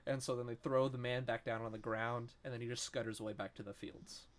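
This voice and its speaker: A man narrating a tabletop role-playing game as game master, in relaxed speech with frequent "um"s. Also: mid-range voice, fairly quick, hardly any pauses, slight background noise.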